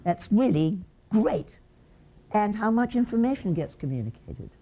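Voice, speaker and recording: A woman's voice: mid-range voice, very animated, measured pace, dull audio. A woman with an English accent giving a conference lecture, quizzing the audience and acting out short examples. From England. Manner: questions the audience and acts out examples. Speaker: conference presenter.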